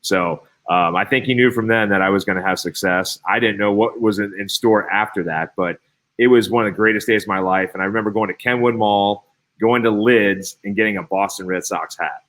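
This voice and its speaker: Man, 30s, from Cincinnati; lowish voice, chatty interview guest, lively, stumbling restarts. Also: a little fast. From Cincinnati, Ohio. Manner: animated, chatty, many fillers and restarts. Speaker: guest, former baseball player. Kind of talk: casual interview storytelling.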